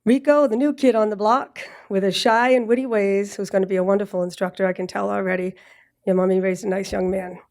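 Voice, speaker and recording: A woman with a Boston accent from Massachusetts giving a prepared speech at a graduation ceremony, a little nervous, clearing her throat now and then and dropping in joking asides. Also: mid-range voice, fairly even intonation, fairly quick, darkish tone. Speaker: graduate speaker. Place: ceremony with live audience.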